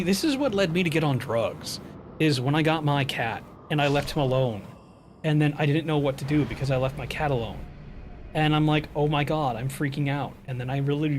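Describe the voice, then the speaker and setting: A man's voice: medium pitch, a little mellow, a little hiss or hum. A man streaming a video game, talking casually and cursing often as he rambles and grumbles at the game. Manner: profane, exasperated rambling while playing. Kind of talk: casual gameplay commentary.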